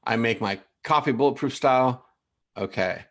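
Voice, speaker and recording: Animated male coach reviewing profiles. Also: mid-range voice, moderate pace. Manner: animated, repetitive, addresses viewers by name. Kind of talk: live training, reviewing profiles.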